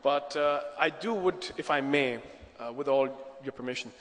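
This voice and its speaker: A man's voice: medium pitch, moderate pace, a bit bright, a little hiss or hum. A man moderating a conference and introducing the next speaker, talking conversationally with polite asides. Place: large conference hall. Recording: echoey hall, long reverb.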